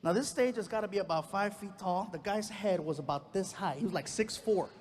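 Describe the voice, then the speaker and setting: Male stand-up comic, very high voice, animated storytelling, live stage, faint background noise. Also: a little fast. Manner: animated storyteller who acts out other voices. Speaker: stand-up comedian.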